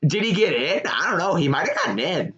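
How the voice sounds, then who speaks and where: A young man giving live reaction commentary on a college football game, excitable and shouting at big plays. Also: fairly high pitch, a little fast, muffled recording. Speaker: sports streamer.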